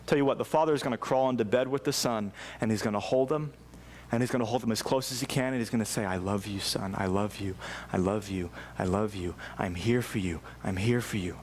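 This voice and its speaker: A man in his thirties, a pastor giving a sermon in a church, earnest and heartfelt, sometimes falling to a soft hush for tender lines. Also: medium pitch. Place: church sanctuary.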